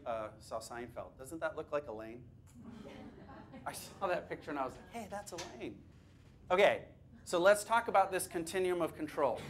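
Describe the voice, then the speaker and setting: A man with a fairly high voice leads a workshop for teachers, chatting lively and putting questions to the room. His delivery is loose and conversational, with quick jokes. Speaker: workshop presenter. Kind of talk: teacher training workshop lecture. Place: classroom or workshop room with a live audience.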